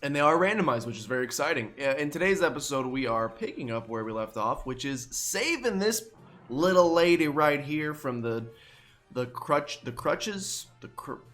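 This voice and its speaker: A man's voice: a little high, animated, normal speed, fairly bright tone, faint music behind. A young man hosting a game let's play, chatting in a rambling, self-deprecating way while groggy from just waking up. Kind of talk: casual gameplay commentary.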